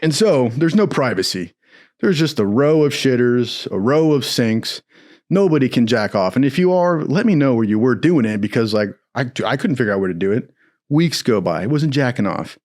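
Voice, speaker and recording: A young man telling a rambling, profane story in a casual, animated way, laughing often. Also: medium pitch, normal speed.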